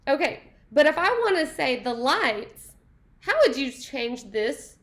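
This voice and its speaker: A woman teaching a Spanish class, upbeat and playful, praising answers and breaking into quick asides. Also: high voice, lively intonation, fairly bright tone. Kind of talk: classroom lesson.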